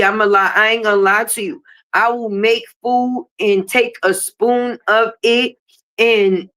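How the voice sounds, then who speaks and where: A woman's voice: fairly high pitch, fairly bright tone. Sick, chatty woman streaming live. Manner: chatty, talks straight to viewers, swears freely. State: sick, coughing and sniffly. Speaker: livestream host. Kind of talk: casual livestream chat.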